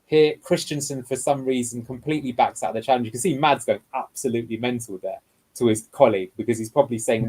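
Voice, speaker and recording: A husky-voiced man talks through match footage as a guest analyst. He explains each passage of play step by step, in a mid-range voice, for a tactical video breakdown. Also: mid-range voice, fast talker, a little mellow, poor audio.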